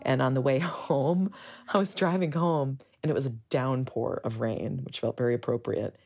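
A woman's voice: very deep voice, normal speed. A woman who works as a hospital chaplain, recalling her experiences in a candid, rambling interview. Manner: animated, rambling storytelling with fillers.

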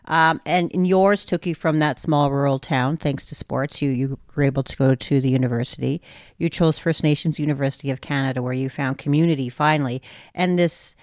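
Interviewer, gravelly voice, gentle prompting, dry close recording. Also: medium pitch, steady tone, a little fast, no room sound. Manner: gentle prompting with soft affirmations.

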